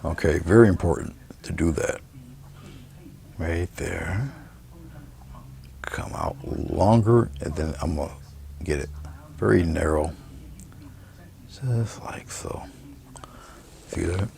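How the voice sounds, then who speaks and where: Low, slow gravelly man teaching painting. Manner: relaxed, murmured step-by-step commentary while painting. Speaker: painting instructor. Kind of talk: painting demonstration.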